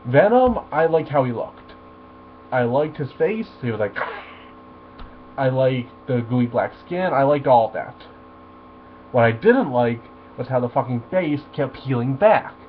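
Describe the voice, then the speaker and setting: A man's voice: mid-range voice, animated, measured pace. A man ranting animatedly and profanely through a review of a superhero film. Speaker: movie reviewer. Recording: tinny phone-like audio with faint mains hum.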